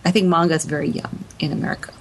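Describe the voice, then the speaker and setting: A woman on a podcast panel, talking quickly and animatedly with frequent restarts in casual discussion. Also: deep voice, fairly even intonation, creaky, a little hiss or hum, low-quality recording.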